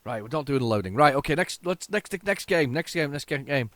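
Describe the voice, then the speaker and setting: Male gamer, self-mocking and excitable, lively swooping delivery. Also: a little high, brisk, dry recording. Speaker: retro game tape reviewer. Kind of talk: casual gameplay commentary.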